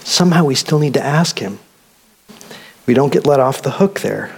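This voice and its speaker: A male pastor preaching a sermon, animated and conversational, with touches of humor. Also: mid-range voice, moderate pace, creaky, breathy edge, big-room sound.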